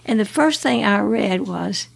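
A woman's voice: mid-range voice, lively intonation, unhurried, creaky, slightly rough. A woman, telling her life story earnestly with restarts and laughs. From Alabama, US. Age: 80s. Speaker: guest sharing her testimony. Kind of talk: personal testimony.

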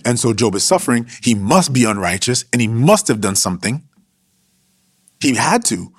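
A man's voice: medium pitch, very animated, normal speed, slightly rough, no room sound, clean studio sound. A man preaching a sermon in a conversational, emphatic way with slangy asides.

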